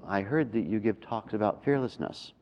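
A man's voice: on the low side, expressive, normal speed, vocal fry, a little mellow, a little hiss or hum, voice pushed up. A man acting out a cocky young male bully who taunts and challenges, in a retold story. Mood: taunting.

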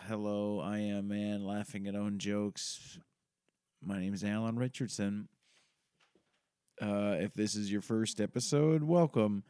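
A man's voice: lowish voice, fairly even intonation, unhurried, warm tone, clear, resonant tone, dry recording, clean studio sound. Rambling, swearing man hosting a podcast. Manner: rambling, self-mocking, swears a lot. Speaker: podcast host. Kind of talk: casual podcast intro monologue.

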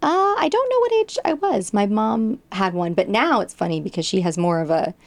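Chatty woman with a gravelly edge. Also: mid-range voice, lively intonation, moderate pace, no echo. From England. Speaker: guest. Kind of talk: casual chat.

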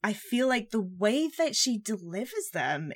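A woman's voice: mid-range voice, very animated, unhurried. A woman in a casual film discussion, talking in a thoughtful, reflective way.

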